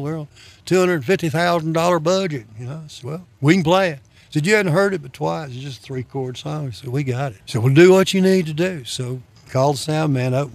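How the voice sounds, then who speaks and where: A man telling folksy, self-deprecating stories in casual conversation, chuckling between lines. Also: fairly high pitch. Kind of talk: casual anecdotal storytelling.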